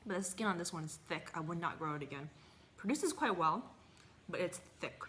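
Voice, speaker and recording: A woman with a lowish voice chats casually through a home gardening vlog, hesitant and easygoing as she tastes and talks at once. A faint hum of ambience sits behind her. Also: lively intonation, fairly quick, fairly bright tone. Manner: chatty, hesitant, talks while eating. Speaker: gardening vlogger.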